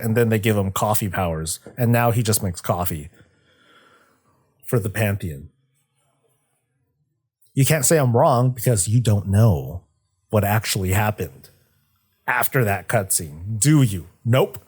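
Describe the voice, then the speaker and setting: Young man, slightly low voice, casual stream chat, rambling, profane, jokey. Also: a little mellow. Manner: rambling, profane, jokey, acts out characters in quick asides. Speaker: streamer discussing game lore.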